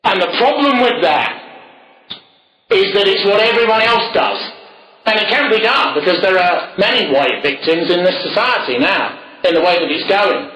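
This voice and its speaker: Man, forceful bright tone, rambling anecdotal monologue with chuckles. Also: high voice, lively intonation, moderate pace, reverberant, rough recording. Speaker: speaker. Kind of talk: ideological monologue.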